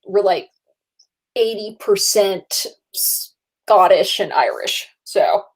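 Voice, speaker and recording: A woman's voice: mid-range voice, extremely slow, husky, rough recording. A woman hosting a casual chat about films, chatty and laughing often. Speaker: host.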